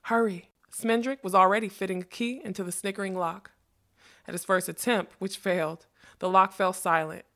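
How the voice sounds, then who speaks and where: A woman narrating a fantasy novel as an audiobook, measured and expressive. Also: mid-range voice.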